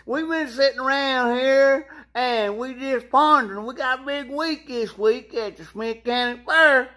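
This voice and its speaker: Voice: sits high, a little slow, bright, forceful tone. A performer putting on a rowdy, folksy hillbilly man, hollering and cackling while promoting a county fair in a social media video. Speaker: county fair mascot character.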